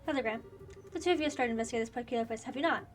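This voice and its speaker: A dutiful woman captain speaks with stiff courtesy, as a woman reads her lines. The voice is fairly high and brisk over quiet game music. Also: lightly acted. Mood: formal. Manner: polite, formal. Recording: faint game music behind.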